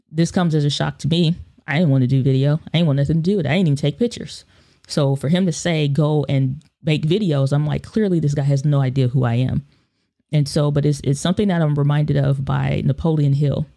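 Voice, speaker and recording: Man, motivational storyteller: gravelly, warm, talks casually with fillers. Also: a little high. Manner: earnest storytelling with filler words. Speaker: self-improvement speaker.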